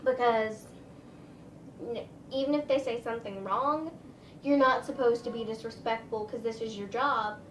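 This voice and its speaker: At a normal pace, a woman with a fairly high voice tells a rambling, chatty story packed with "like" and "um." She sits a little off-mic in a roomy space, with faint room noise in the background.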